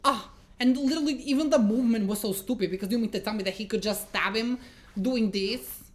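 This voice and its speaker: A woman's voice: a little high, a little fast. A woman giving a casual movie review, exasperated and swearing as she retells scenes. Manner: exasperated, swearing, animated storytelling.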